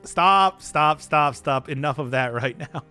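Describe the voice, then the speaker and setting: A man's voice: a little high, slow, pushed and bright, faint music behind. A man streaming a game, giving casual commentary full of giggly, self-deprecating banter with his chat.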